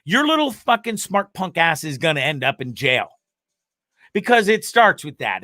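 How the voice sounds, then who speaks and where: A man with a bright, forceful voice pitched a bit above the usual, hosting a live web show in a casual, profane way. He rants and laughs freely between topics. The sound is dry and close. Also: no room sound. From Canada. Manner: profane, ranting and laughing often. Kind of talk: casual live-stream chat.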